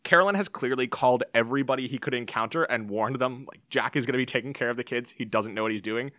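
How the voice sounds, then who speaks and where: A man's voice: medium pitch, fast, fairly bright tone, no room sound. A man co-hosting a casual film discussion, recounting scenes with wry jokes.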